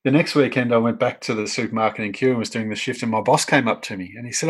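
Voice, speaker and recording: A middle-aged man with an Australian accent, interviewing in a relaxed conversation and telling animated stories. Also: mid-range voice, fast talker, few pauses, slightly rough, poor audio. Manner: chatty storyteller, animated when telling anecdotes. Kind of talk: casual conversation.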